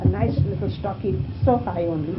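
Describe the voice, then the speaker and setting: An older woman recalling a story from her past in a lively way, growing louder and more excited as she tells it. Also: mid-range voice, normal speed. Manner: lively, grows excited and loud when recalling the scare. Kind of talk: reminiscing anecdote. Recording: muffled, noisy archive recording.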